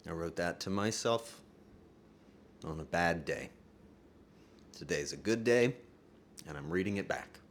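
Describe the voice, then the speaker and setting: A man's voice: low-pitched, expressive, measured pace, long pauses, slight background noise. A man streaming live and talking to his chat, earnest and profane, joking and laughing often. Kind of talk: livestream talk to chat.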